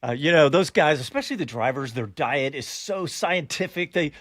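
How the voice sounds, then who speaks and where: A man's voice: on the high side, lively intonation, moderate pace, a bit bright, no room sound. A man hosting a radio racing show, joking in casual studio banter. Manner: laughing, playful banter.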